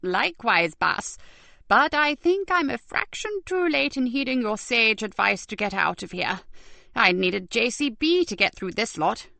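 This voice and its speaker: A wry, unflappable male pathologist in a crime audiobook, read by a woman, drawling his lines slowly and dryly. The voice stays close and unechoing. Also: a little high, expressive, vocal fry, pushed and bright, no echo, heavily acted.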